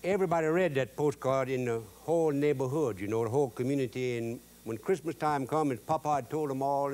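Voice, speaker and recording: A man with a Cajun Louisiana accent hosts a folksy cooking show, telling stories and jokes in a drawl with loose Cajun grammar. His mid-range voice is a little mellow, fairly quick and with few pauses.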